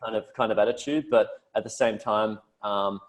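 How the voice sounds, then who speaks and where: A young Australian man in his twenties chats casually as a podcast guest in an interview, swearing and imitating his mates in a broad voice. His voice is on the low side, with a steady tone and a normal pace.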